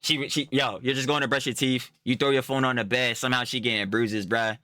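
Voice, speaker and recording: A man's voice: mid-range voice, little pitch movement, fairly quick, pushed and bright, no room sound, studio quality. A young man giving heated, profane, exasperated reaction commentary full of slang.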